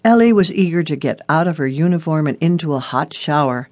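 An audiobook narrator reading a suspense story in a steady, even way. The voice sits at a middle pitch and is recorded close and dry, with no room sound. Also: brisk, hardly any pauses, no echo. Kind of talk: scripted narration.

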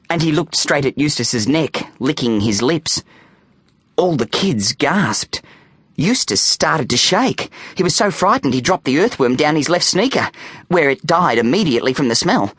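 A man reading a children's audiobook aloud with playful, animated storytelling on a close studio mic. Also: on the high side, normal speed, husky, no echo. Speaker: audiobook narrator.

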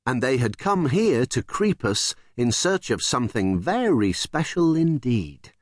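Male audiobook narrator, unhurried, very expressive, dry close studio sound. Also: mid-range voice, no room sound. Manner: expressive, storytelling. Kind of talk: scripted children's audiobook narration.

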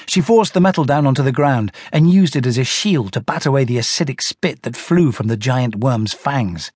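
A man narrating a children's audiobook in an animated storytelling manner. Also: mid-range voice, moderate pace, slightly rough, no echo, studio quality.

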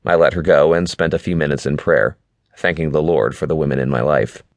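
A man reads a first-person novel in a calm, measured narrating voice. His pitch sits very low, with a deep, grounded sound. The recording is dry and close, with no room around it. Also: no room sound. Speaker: audiobook narrator. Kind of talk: scripted narration.

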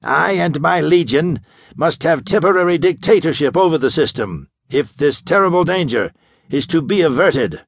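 A man narrating an audiobook and voicing a gaunt, menacing male mastermind with a deep, harsh, rasping voice and grandiose commanding speech. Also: expressive, normal speed, no room sound, heavily acted.

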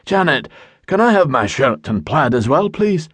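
A male narrator voicing a charming young Highland womanizer in an audiobook. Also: very animated, normal speed, fairly bright tone, dry recording, full character voice. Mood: coaxing. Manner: coaxing, smooth-talking.

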